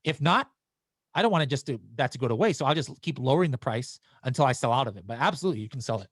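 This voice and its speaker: A man runs a live webinar, fielding viewer questions in a loose, chatty way with an ordinary mid-range pitch. He's animated and rapid-fire, restarting sentences and using lots of fillers, and the sound is dry and close with no room echo.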